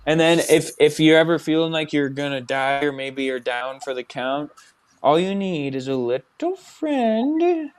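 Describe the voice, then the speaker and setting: Male host, higher voice, playful, throws in silly bits. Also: animated, measured pace, smooth. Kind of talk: casual chat.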